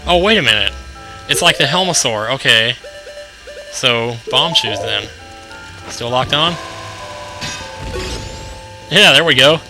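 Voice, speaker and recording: A young man casually commentating a video game, excitable and jokey, thinking aloud as he plays. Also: medium pitch, slow pace, pauses often, low-quality recording. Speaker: let's play commentator. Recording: game music playing behind voice.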